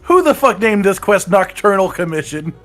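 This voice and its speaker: A man co-hosting a gaming video, trading dry, sarcastic quips. His voice sits a touch high and moves in a lively way. He keeps a deadpan manner. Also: normal speed. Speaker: gaming co-host. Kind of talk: casual gameplay banter.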